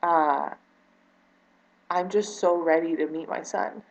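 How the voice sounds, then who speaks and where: A woman's voice: fairly low pitch, takes it slowly, creaky, rough recording. A woman talking earnestly to camera in a personal vlog, hesitant with lots of fillers and restarts, near tears. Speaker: vlogger.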